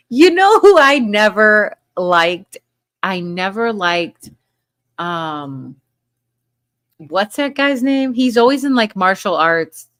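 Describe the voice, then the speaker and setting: A woman's voice: on the low side, fairly bright tone. A woman hosting a casual live chat, reading viewer comments aloud and laughing often between remarks. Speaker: livestream host.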